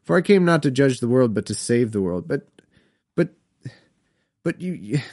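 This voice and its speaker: A man's voice: mid-range voice, very animated, moderate pace, a little mellow. A man reading scripture aloud and breaking off into wry, joking asides. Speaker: Bible reader and commentator.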